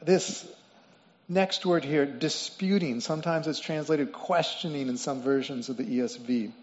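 A man's voice: on the high side, unhurried. A man preaching a sermon, explaining word meanings and repeating phrases for emphasis. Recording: dull lo-fi sound with long reverb in a hall.

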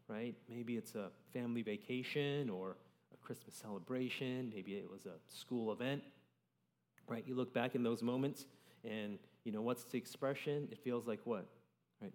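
A man's voice: mid-range voice, darkish tone. A young man preaching a sermon in a conversational way, often checking in with "right?" as he reads and explains scripture. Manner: conversational, keeps adding "right?". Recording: long reverb of a large hall.

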